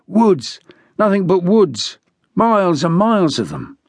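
A man's voice: mid-range voice, lively intonation, moderate pace, darkish tone, breathy edge, dry recording, studio quality. A man voicing a weary, grumbling middle-aged local police officer in an audiobook.

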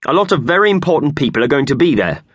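A bossy storybook boss booms and growls his orders, as a man reads him. The voice swings widely, and the sound is close and dry. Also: very animated, fast talker, husky, dry recording, full character voice. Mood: stern. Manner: loud, booming, growling. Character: blustering bossy male office boss. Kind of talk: children's audiobook reading.

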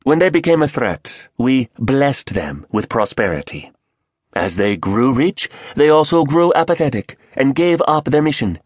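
A man voicing a male conspirator with a Korean accent, talking in a rapid-fire manner. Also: medium pitch, big pitch swings, dry recording, studio quality, pitched above the performer's own voice. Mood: brisk.

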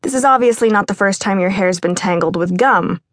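A woman narrator voicing a lively grown woman from a busy Greek family, brisk and teasing, in an audiobook. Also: medium pitch, dry recording, clean studio sound, natural voice. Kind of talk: audiobook character voice.

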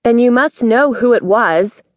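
A woman's voice: medium pitch, lively intonation, moderate pace, dry recording, studio quality, natural voice. A woman voicing an angry young princess. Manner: urgent, rising to near shouting.

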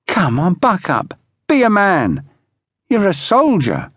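A man voicing a weary young male conscript soldier who coaxes and pleads in a gruff, fatherly way. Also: on the high side, wildly swooping pitch, a little slow, dry recording, full character voice. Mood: weary coaxing.

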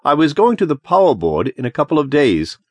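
A blunt, baffled young engineer shrugs off an accusation, as an audiobook reader voices him. The delivery is lively and swings up and down in pitch. It sounds close-miked and dry. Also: male voice, brisk, no room sound. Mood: incredulous. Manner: blunt, incredulous. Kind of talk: audiobook character voice.

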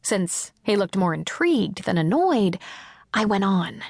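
A woman reading a first-person audiobook in a calm, measured storytelling voice on a close mic. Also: medium pitch, dry recording. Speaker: audiobook narrator.

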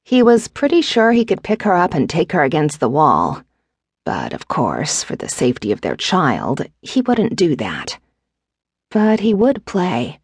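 A woman narrating an audiobook in a measured, even reading. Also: sits low, slightly rough, dry recording, clean studio sound. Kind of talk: scripted narration.

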